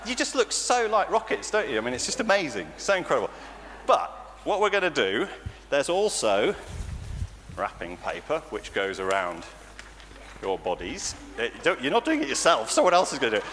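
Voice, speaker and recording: A man with an English accent leading an all-age church talk for children, animated and playful, often laughing. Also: medium pitch, normal speed. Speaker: church leader. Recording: church reverb with faint noise.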